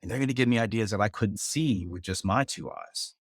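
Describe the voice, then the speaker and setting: A man, a guest author, talking about leadership in a relaxed studio conversation, thinking aloud and restarting words as he goes. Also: fairly low pitch, fairly quick, breathy edge, no room sound. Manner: reflective, repeats and restarts words while thinking. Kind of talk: casual conversation. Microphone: studio mic.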